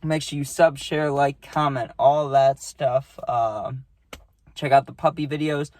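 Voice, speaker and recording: Rambling, excitable guy telling a story. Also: fairly high pitch, measured pace. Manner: excited, rambling, heavy swearing and fillers. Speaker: storytime vlogger. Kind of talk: casual storytelling.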